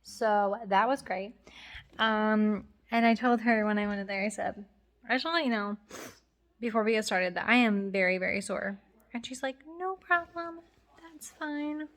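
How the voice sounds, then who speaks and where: A woman's voice: mid-range voice, steady tone, moderate pace, a bit bright. A young woman talking casually to camera in a rambling way, full of fillers and restarts, with a slightly stuffy, runny nose. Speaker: vlogger.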